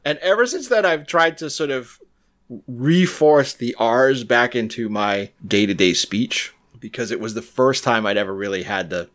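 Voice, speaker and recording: A man's voice: medium pitch, lively intonation, a bit bright. A man with a Massachusetts accent co-hosting a podcast, joking wryly and laughing easily in casual chat. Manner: wry joking, quick to laugh. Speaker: podcast co-host.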